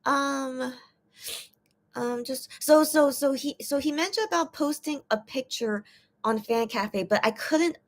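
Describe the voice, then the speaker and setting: A woman's voice: sits high, measured pace. A young woman fan chatting casually on her own live stream, rambling and hesitant as she retells and translates what was said. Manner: rambling, hesitant, repeats words often. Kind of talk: casual livestream chat.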